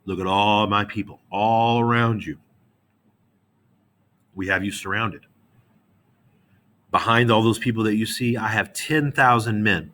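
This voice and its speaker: A bold frontier commander bluffing an enemy, as a male teacher acts him out in class. He speaks casually in a bright, fairly low voice. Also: fairly even intonation, measured pace, long pauses. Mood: threatening.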